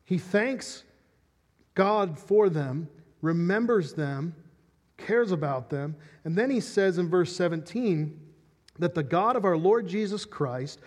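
A man's voice: sits high, a little mellow. A man preaching a sermon as pastor, teaching earnestly and often restarting phrases. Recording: reverberant hall.

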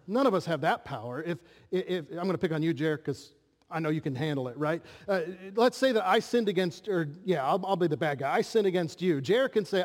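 A man's voice: high voice, sing-song, moderate pace, darkish tone. A man preaching a sermon as a pastor, talking earnestly and putting rhetorical questions to his listeners. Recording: long hall reverb.

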